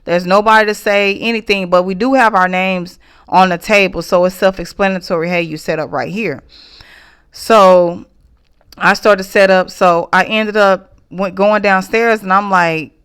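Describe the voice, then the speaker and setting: A woman, casually recounting a frustrating experience in a vlog, emotional and halting with restarts. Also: mid-range voice, steady tone, a bit bright, smooth. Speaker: small business owner reviewing an event.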